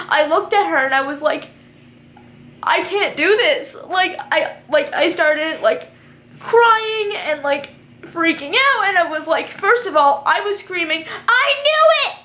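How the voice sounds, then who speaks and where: A twenty-year-old woman talks through a TV episode review in a loose, rambling vlog style, piling on fillers as her emotions show. Her voice sits high and sounds bright and sharp. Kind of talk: casual emotional review chat.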